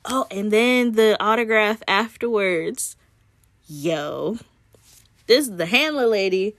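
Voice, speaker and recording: Co-hosting a podcast, a woman chats casually in a mid-range voice at a slow pace. She's a giggly, animated storyteller, laughing a lot as she tells her stories.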